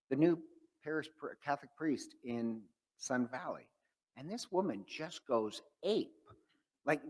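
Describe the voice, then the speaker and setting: A man's voice: medium pitch, big-room sound, rough recording. A man who is a priest, giving an informal faith-formation talk to adults and telling stories with many fillers and restarts. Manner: conversational, storytelling, frequent um fillers and restarts. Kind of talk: informal teaching talk with anecdotes.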